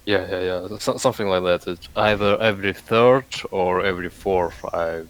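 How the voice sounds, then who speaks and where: A man's voice: sits low, fairly even intonation, normal speed, slight background noise. A man helping lead a game raid over voice chat, easygoing and joking with small hesitations, on a headset.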